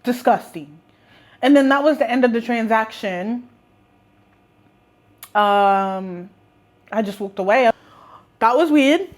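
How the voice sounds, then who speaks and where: A young woman with an Australian accent telling a casual storytime, animated and sarcastic, often breaking into laughter. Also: fairly high pitch, takes it slowly, long pauses. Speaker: vlogger.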